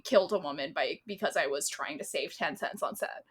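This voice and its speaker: A woman co-hosting a podcast, chatting casually in an animated rant full of "like". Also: low-pitched, a little fast, few pauses, slightly rough. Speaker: podcast co-host. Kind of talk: casual chat.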